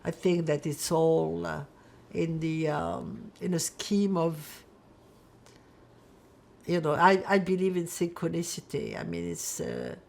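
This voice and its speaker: An older woman from France speaks slowly in a reflective, halting way, pausing on fillers as she gathers her thoughts. Her voice is low and gravelly, with a rough fry at the ends of her phrases. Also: big pitch swings, darkish tone. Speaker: Holocaust survivor interviewee. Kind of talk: oral history testimony.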